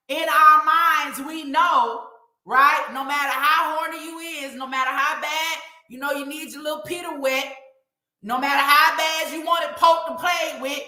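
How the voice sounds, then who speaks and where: Woman preaching at her livestream viewers, high sharp voice, echoey room. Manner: preachy, emphatic, addresses viewers as y'all. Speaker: host of a live online show. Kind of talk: impassioned livestream commentary.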